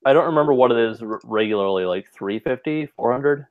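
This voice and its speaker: A man's voice: medium pitch, brisk, no echo, phone-quality sound. Chatty man with a dry close sound. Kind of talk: casual chat. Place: online video call.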